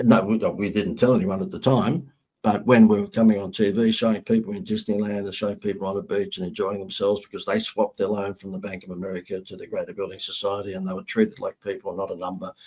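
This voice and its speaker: A middle-aged man with an Australian accent, a guest on an interview show, telling lively anecdotes with sarcastic humor. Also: low voice, brisk, breathy edge. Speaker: guest, marketing consultant. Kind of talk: storytelling interview chat.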